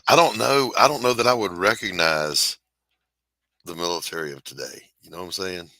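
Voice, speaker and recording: A middle-aged man hosting a drawing stream, chatting bluntly with loud bursts of drill-style barking. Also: low-pitched, normal speed, no echo. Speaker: art streamer, host. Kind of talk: casual chat while drawing.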